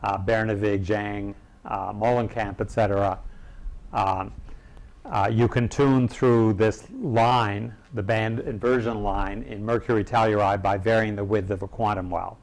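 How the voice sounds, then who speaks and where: A man giving an academic seminar lecture, halting, with many filler pauses and the odd throat-clearing. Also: fairly low pitch, steady tone, a little mellow. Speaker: seminar speaker.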